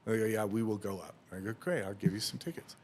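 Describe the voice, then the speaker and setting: A man's voice: fairly low pitch, fairly even intonation, racing, darkish tone, slight background noise. A man on a podcast telling a long anecdote in casual chat, acting out dialogue and laughing often. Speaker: podcast host.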